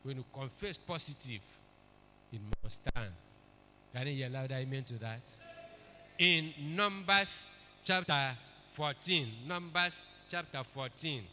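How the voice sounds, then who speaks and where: A man's voice: medium pitch, bright, forceful tone, a little hiss or hum. A man preaching a sermon, emphatic, repeating key phrases and calling for amens. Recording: echoey hall with long reverb.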